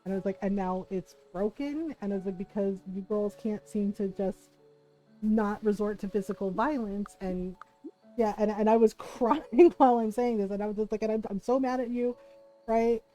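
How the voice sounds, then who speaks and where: Mellow-voiced woman telling a family story. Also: mid-range voice, poor audio. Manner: rambling, quotes people in animated voices, frequent laughs. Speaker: streamer. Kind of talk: casual storytelling chat.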